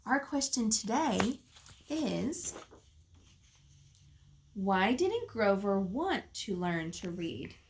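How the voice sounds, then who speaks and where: A woman teacher reading a picture book aloud to children in a calm, clear way. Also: mid-range voice, background noise. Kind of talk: storybook read-aloud.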